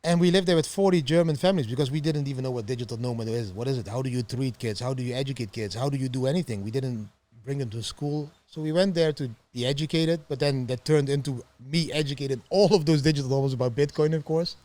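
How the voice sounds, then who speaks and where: A middle-aged man, telling his story as a podcast guest in an animated way and laughing often. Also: mid-range voice, fast, hardly any pauses. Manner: animated, laughs often, acts out quoted voices. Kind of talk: storytelling interview.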